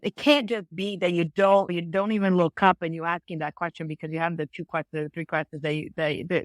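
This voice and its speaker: A woman speaking as a podcast guest, explaining her points emphatically in quick bursts. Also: fairly low pitch, no echo. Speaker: podcast guest, business advisor. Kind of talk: conversational interview.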